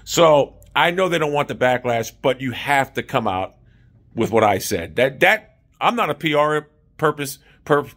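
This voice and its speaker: A man's voice: medium pitch, animated, moderate pace, fairly bright tone. A man delivering an opinionated solo sports commentary, emphatic and self-assured, repeating his main point.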